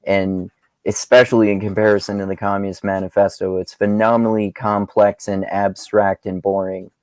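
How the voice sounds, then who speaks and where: A man's voice: fairly low pitch, level tone, moderate pace, darkish tone, dry recording, rough recording. A man co-hosting a podcast, chatting casually and responding thoughtfully. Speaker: podcast co-host. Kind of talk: casual chat.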